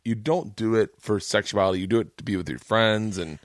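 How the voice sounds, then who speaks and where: A man's voice: lowish voice, fairly quick, no room sound, clean studio sound. A man hosting a podcast in casual chat, telling anecdotes with lots of swearing and putting on voices for the people in his stories. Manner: animated storyteller, swears freely, puts on voices in anecdotes. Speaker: podcast host.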